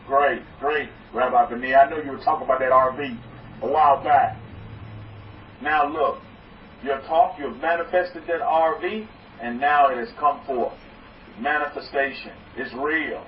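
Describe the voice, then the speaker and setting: A man preaching as a rabbi, emphatic and repetitive, with dramatic swings in pitch. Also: moderate pace. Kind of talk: preaching sermon. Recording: echoey, distant, dull lo-fi with faint hiss.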